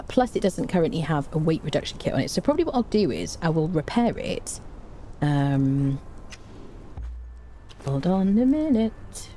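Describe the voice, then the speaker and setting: A woman streamer chats casually with her viewers as she plays, humming little tunes in between. Her voice sits low and mellow, with wide, lively swings in pitch. There is a faint hiss under the recording. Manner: chatty, hums tunelessly between remarks, reads and answers chat. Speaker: game streamer. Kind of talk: casual live-stream chat while playing.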